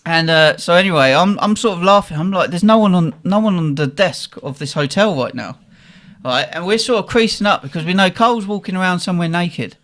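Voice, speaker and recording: A man's voice: high-pitched, brisk, fairly bright tone. A young man, a podcast host telling a story in a casual, slangy way and laughing often.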